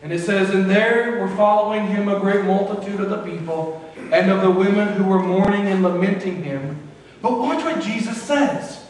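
A man with a strikingly high voice delivers a sermon, weaving scripture readings into his preaching. He is picked up from a distance in a church sanctuary, his words ringing out with heavy echo and a long hall tail. A faint hum of room noise sits underneath. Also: normal speed. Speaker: pastor. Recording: echoey church hall from far off.

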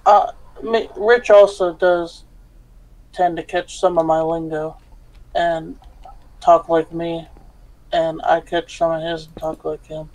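A woman's voice: lowish voice, level tone, slow pace, pauses often, a little mellow, rough recording. A woman chatting casually and giggling with her partner during a game stream. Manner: laid-back, giggly. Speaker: co-host streaming a building game. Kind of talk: casual chat while gaming.

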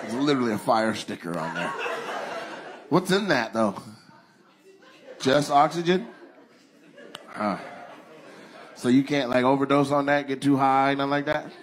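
A man doing live stand-up crowd work, loud, profane and teasing, laughing often. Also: mid-range voice, a little slow, pauses often. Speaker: stand-up comedian. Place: comedy club stage. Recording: live comedy club with crowd noise.

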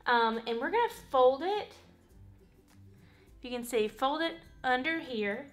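A woman's voice: high-pitched, animated, measured pace, faint music behind. A woman giving a casual, rambling craft tutorial at home, saying "y'all" and "literally" a lot. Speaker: craft vlogger. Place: home, working on a wall hanging.

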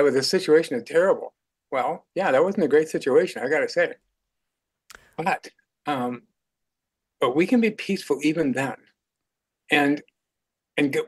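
A man's voice: on the high side, gravelly. An older man speaking as a radio guest in an earnest faith conversation, chuckling now and then.

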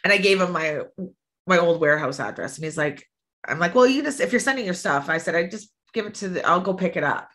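Bright-voiced woman telling candid stories. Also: fairly low pitch, animated, fast talker. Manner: chatty storyteller, acts out quotes with laughs. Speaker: podcast guest. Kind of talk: candid casual chat.

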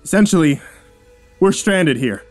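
A man voicing a curt, sarcastic male engineer in a spoken horror story, his voice pitched a little above his narration. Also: expressive, a little slow, a little mellow, soft background music. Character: sarcastic gruff male engineer, middle-aged.

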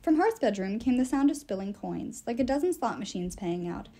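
Expressive woman reading a novel aloud. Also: on the high side, fairly quick, slight background noise. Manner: expressive, storytelling. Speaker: audiobook reader.

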